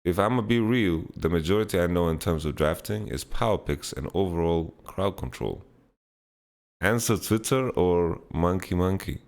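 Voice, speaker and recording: A man's voice: deep voice, lively intonation, moderate pace, a little mellow. A man hosting a casual Q&A podcast, answering viewer questions bluntly and laughing them off. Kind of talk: casual chat, Q&A.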